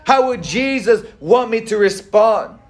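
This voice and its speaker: High-voiced man preaching a sermon. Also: expressive. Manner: conversational preaching with frequent fillers and pauses. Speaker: pastor.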